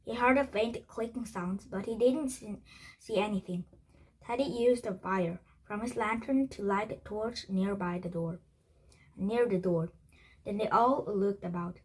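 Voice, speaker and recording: A woman reading a children's chapter book aloud, halting with frequent restarts and slips. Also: mid-range voice, breathy edge, rough recording. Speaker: storybook reader.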